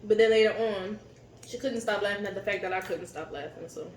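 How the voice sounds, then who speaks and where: Animated woman telling stories, echoey room. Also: mid-range voice, a little fast, slight background noise. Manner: animated, laughs easily. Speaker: co-host of a couple's channel. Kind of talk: casual storytelling chat.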